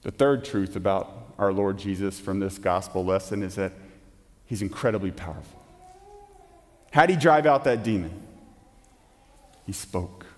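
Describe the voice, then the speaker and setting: A man preaching a sermon as pastor in a church, emphatic, asking rhetorical questions and dropping suddenly to a hush. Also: sits low, normal speed, pauses often. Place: church sanctuary. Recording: long hall reverb.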